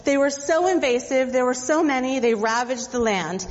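High-voiced woman preaching in a reverberant hall. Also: animated, moderate pace. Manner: conversational retelling with asides. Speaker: pastor. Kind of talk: sermon. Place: church sanctuary. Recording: dull audio with long reverb.

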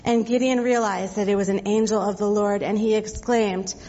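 A woman's voice: medium pitch, steady tone, moderate pace, warm tone. A woman pastor giving a sermon, retelling the story in a conversational way with casual asides to the congregation. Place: church sanctuary. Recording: dull audio with long reverb.

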